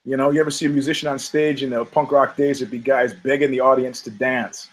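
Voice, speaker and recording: A man's voice: medium pitch, steady tone, fast, few pauses, rough recording. A man hosting a podcast, riffing on fight results in a rambling, profane, joking manner. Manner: rambling, profane, self-mocking jokes. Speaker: podcast host. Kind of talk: casual comedic commentary on combat sports.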